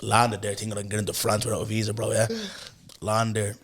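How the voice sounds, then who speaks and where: Irish man telling a lively story. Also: lowish voice, fast talker, slight background noise. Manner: animated, laughs often, acts out quotes. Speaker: podcast host. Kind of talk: casual storytelling chat.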